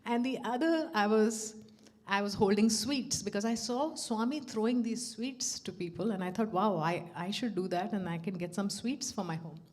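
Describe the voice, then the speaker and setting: Middle-aged woman, devotional testimony, animated storytelling, laughs as she acts out voices. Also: mid-range voice, normal speed. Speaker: devotee sharing a personal story. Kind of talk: personal testimony at a devotional gathering.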